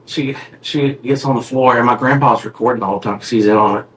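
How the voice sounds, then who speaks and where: Man, podcast co-host, casual chat, medium pitch, rambling storyteller. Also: steady tone, fast, a bit bright, slight background noise, low-quality recording. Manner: rambling storyteller with many fillers and restarts.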